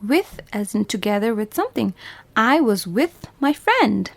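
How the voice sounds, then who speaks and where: A woman's voice: fairly high pitch, sing-song, unhurried, gravelly. A woman with a Bhutanese English accent, teaching a phonics lesson to young children, sounding out each letter and repeating every word patiently.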